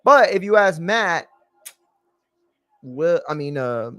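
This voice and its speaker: A man's voice: a little high, big pitch swings, slow pace, a bit bright, no room sound. A man hosting a live watch-along stream, reacting bluntly and profanely in a casual commentary style.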